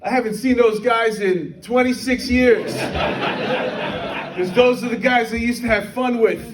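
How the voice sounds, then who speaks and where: A man's voice: very high voice, measured pace, very noisy. A man in his fifties doing a brash, streetwise stand-up comedy set, peppering his lines with "man". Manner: brash, streetwise, lots of "man" and shouted impressions. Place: comedy venue with live audience. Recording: echoey room, mic heard from far, crowd laughter.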